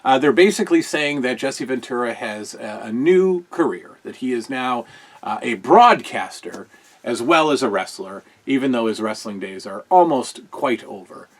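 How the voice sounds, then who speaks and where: Man, casual review host, rambling, amused, filler-heavy, average pitch. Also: expressive, normal speed, breathy edge. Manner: rambling and chatty, with many fillers and restarts; amused, often chuckling. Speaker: show host reviewing old wrestling broadcasts.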